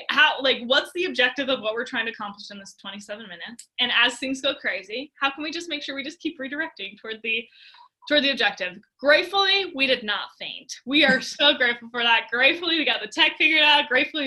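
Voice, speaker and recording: An excitable woman guest tells a story in a casual podcast chat. Her voice sits high and sounds very bright and sharp. She fills her talk with "like.".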